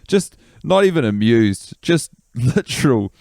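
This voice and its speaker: A man co-hosting a podcast, telling stories with dry, deadpan humor. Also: medium pitch, a little slow, creaky, dry recording. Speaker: podcast co-host. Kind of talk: casual chat.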